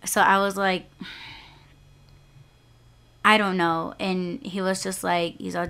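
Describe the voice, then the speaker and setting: A young woman talks through a personal story on her podcast in a loose, rambling monologue. She swears freely and fills her sentences with "like" and "you know". Her voice sits a little low and sounds clean and smooth. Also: little pitch movement, a little slow, a bit bright. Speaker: podcast host.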